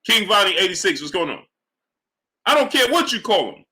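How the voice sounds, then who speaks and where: A man hosts a live sports stream in a high, very bright voice. He pushes exasperated rhetorical questions at his viewers and repeats his point, then drops into a low mutter to greet people in the chat. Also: sing-song, brisk. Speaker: sports livestream host.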